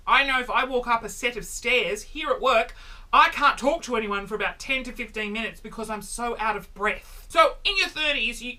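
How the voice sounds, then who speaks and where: A vlogger in his thirties performs a comedic monologue, animated and exaggerated, punctuated by sudden loud exclamations. His voice is extremely high-pitched.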